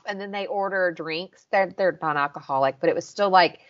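A young Southern woman with a lowish voice and a fairly quick pace co-hosts a podcast, chatting casually as she reviews episodes. She recaps scenes with quoted lines and says "like" constantly, over slightly dull lo-fi audio.

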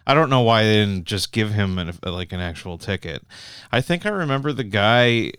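A man's voice: on the low side, lively intonation, moderate pace, fairly bright tone, clear, resonant tone, no echo, studio quality. A young Canadian man telling long, rambling road stories in casual chat, swearing freely and full of "like" and restarts.

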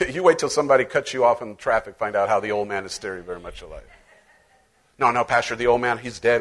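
A man's voice: medium pitch, lively intonation, a little fast, a bit bright. A middle-aged male pastor preaching a sermon in a conversational, playful way, acting out little voices as he goes.

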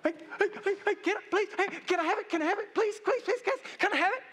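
A man's voice: very high-pitched, quick pace, fairly bright tone, voice pushed up. A man voicing a childlike demon spirit that keeps begging and wheedling over and over. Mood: pleading. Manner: wheedling, repeats pleas over and over. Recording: reverberant hall.

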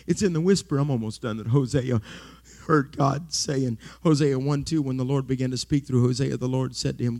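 A middle-aged male pastor preaching a sermon, dropping to hushed whispers and then rising to loud exclamations. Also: medium pitch, normal speed.

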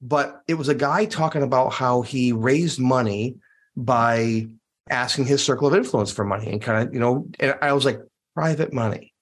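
A man's voice: medium pitch, moderate pace. A man on a podcast telling stories casually and animatedly, acting out dialogue in different voices. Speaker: podcast guest, real estate investor. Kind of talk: casual interview storytelling.

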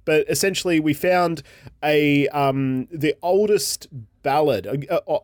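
A man's voice: mid-range voice, darkish tone, no room sound, clean studio sound. Chatty male podcast co-host. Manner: rambling, many fillers and restarts. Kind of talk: casual chat, reading a synopsis aloud.

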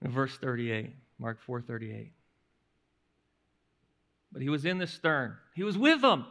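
A male pastor preaching a sermon in an animated storytelling manner, often restarting his words. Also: medium pitch, a little slow.

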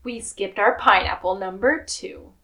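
A woman co-hosting a podcast, casually recapping a TV episode and acting out quick quotes. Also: mid-range voice, fairly bright tone. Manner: retells scenes with quick acted quotes and laughs. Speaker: podcast co-host.

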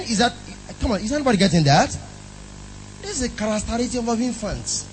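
A man's voice: sits high, very animated, fast talker, slight background noise, rough recording. A man preaching a sermon in an emphatic style, often asking the congregation questions.

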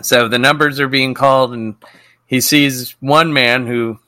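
A man's voice: medium pitch, steady tone, measured pace, bright, forceful tone, dry recording. A man co-hosting a podcast, casually recapping a TV episode, swearing freely and acting out the characters' lines. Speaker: podcast co-host.

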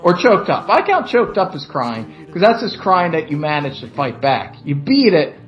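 High-voiced rambling man, lo-fi. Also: sing-song, moderate pace. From Philadelphia. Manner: rambling, profane, laughs often. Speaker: podcast co-host. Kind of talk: casual chat.

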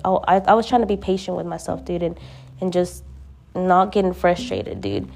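Mellow-voiced young woman, slangy and casual. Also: medium pitch, fairly quick, vocal fry. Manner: slangy, conversational, with frequent "dude" and "bruh". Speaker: vlogger sharing faith reflections. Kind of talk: casual spoken reflection.

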